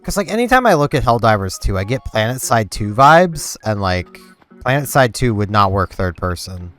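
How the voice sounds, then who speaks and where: A young man with a lowish, smooth, clear voice rambles in an easygoing way, dotting his talk with "like" as he plays. Soft game music sits faintly behind him. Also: normal speed. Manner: rambling, relaxed, with many "like" fillers. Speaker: gaming channel host. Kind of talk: casual chat while playing a game.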